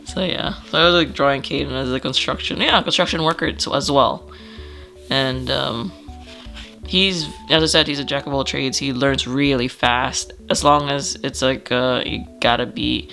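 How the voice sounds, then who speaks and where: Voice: medium pitch, bright, forceful tone. An artist casually flipping through a sketchbook, rambling, swearing, laughing often and trailing off, with a slightly stuffy nose.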